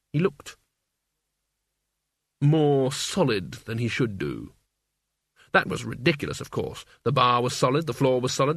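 A man narrating a story aloud in an expressive, wry reading. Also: mid-range voice, breathy edge, no room sound, clean studio sound. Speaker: audiobook reader. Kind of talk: scripted narration.

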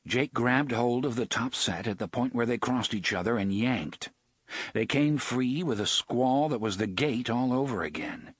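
Male audiobook narrator, husky, deliberate suspense delivery, dry close sound. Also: mid-range voice, no room sound. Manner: measured, suspenseful, slowing on tense beats. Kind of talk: scripted narration.

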